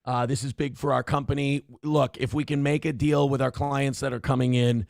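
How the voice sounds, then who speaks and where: A man putting on a frantic, pushy office manager who pleads with his staff and then yells in high-pitched exasperation. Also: level tone, normal speed, gravelly, no echo, clean studio sound, natural voice. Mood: urgent.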